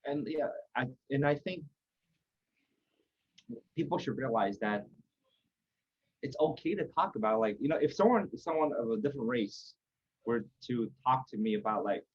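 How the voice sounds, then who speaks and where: A man's voice: medium pitch, animated, moderate pace, long pauses, husky, dull audio. A man talking as a podcast guest in a loose, rambling way, circling back and restarting his thoughts. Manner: rambling, lots of fillers and restarts. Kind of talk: casual conversation.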